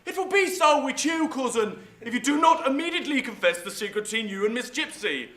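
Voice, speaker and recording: Young male actor: cocky, teasing gentleman, high-pitched, echoey stage. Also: lively intonation, fairly quick. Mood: mocking. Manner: mocking, threatening. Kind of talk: stage acting in a school play. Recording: echoey stage with faint hiss.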